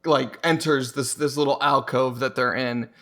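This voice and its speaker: A man's voice: medium pitch, normal speed. A man co-hosting a podcast, casually discussing a book and acting out lines from it as he retells it. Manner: animated retelling, acts out quotes. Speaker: podcast co-host.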